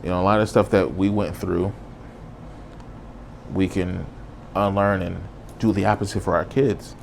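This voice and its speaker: Deep and gravelly, this male podcast host's voice stays steady at a measured pace as he delivers an earnest, casual, reflective solo monologue. Slight hiss or hum is audible.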